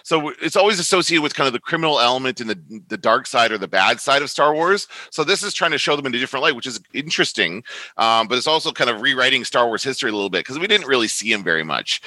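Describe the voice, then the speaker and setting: Bright, chatty man in a dry room. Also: medium pitch, lively intonation, quick pace, dry recording, poor audio. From Canada. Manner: rambling, self-correcting, chatty. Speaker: podcast co-host. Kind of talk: casual chat.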